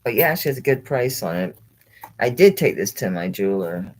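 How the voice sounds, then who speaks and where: Very deep-voiced woman chatting casually. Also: big pitch swings, moderate pace, a little mellow, poor audio. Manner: rambling, chatty, thinks aloud, laughs often, talks to viewers by name. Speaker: online jewelry seller hosting a live sale. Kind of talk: casual live-stream selling chat.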